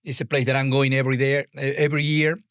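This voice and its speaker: A man from Argentina with an Argentine Spanish accent, a guest in a casual interview, talking in halting English and searching for words. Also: medium pitch, level tone, a bit bright, clear, resonant tone, no room sound, studio quality.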